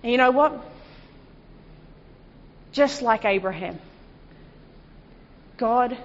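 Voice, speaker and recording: A woman preaches a sermon in a high voice, pressing her points with rhetorical questions and sinking into hushed, lower passages. The sound is dull and lo-fi, carrying a long reverb from a large hall. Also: very slow. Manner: emphatic, rhetorical questions, shifts to hushed low delivery.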